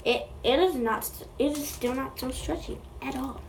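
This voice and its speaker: A woman's voice: high voice, normal speed, slight background noise. A woman making a slime vlog, playfully chatting to the slime as if it were alive, recorded on a phone. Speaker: slime video creator.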